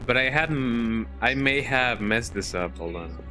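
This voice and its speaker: Bright-voiced man streaming a game. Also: medium pitch, lively intonation, faint music behind. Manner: self-talking, worried, halting restarts. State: sleepy, yawning. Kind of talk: casual live gameplay commentary.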